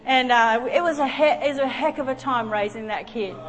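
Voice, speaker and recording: Higher-voiced woman preaching in an echoing church. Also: brisk. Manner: earnest, emotional storyteller. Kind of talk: sermon with personal storytelling. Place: church sanctuary. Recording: long hall reverb with faint music.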